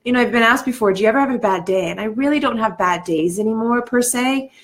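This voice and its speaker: A woman coach talking to viewers on a live stream from home in the evening. She sounds reflective and emotional, laughs often, and fills her talk with "like". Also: fast talker. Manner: greets viewers in a bright, high lift. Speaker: life coach and speaker.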